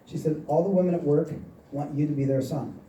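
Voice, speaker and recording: This man in his forties speaks on the high side with a steady, dark tone and a slightly fast pace, giving a motivational seminar talk. He tells stories and acts out what people said; the recording is muffled, echoey, with a distant mic and a little hiss or hum.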